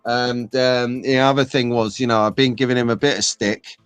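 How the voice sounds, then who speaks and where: A man's voice: medium pitch, level tone, moderate pace, a bit bright, clear, resonant tone, no room sound, soft background music. A man hosting a casual live stream, bantering and laughing as he chats with viewers. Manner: jokey, bantering, laughs often.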